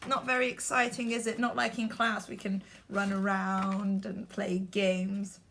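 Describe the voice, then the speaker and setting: A woman teacher giving a remote vocabulary lesson to young children, talking slowly with repeated, encouraging prompts. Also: medium pitch, little pitch movement, vocal fry, fairly bright tone, a little hiss or hum. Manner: slow, repetitive, encouraging prompts.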